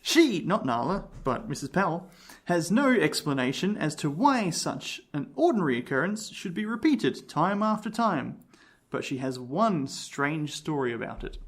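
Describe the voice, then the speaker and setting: A man's voice: on the high side, very animated, normal speed. A man co-hosting a podcast, reading a book aloud and chatting with laughs. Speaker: podcast co-host. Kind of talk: casual chat and reading aloud.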